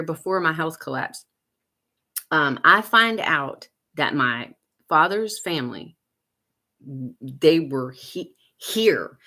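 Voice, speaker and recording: Chatty woman in her fifties. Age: 50s. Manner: chatty and animated, laughs often, big swings up in pitch when teasing viewers. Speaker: homesteading livestream host. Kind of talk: casual livestream chat, reading viewer comments.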